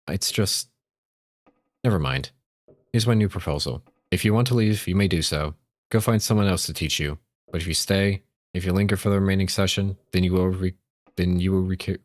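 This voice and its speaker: A man's voice: low-pitched, no room sound. A man voicing a female witch teacher who pleads and then lays down terms, reading game dialogue aloud on stream. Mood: stern.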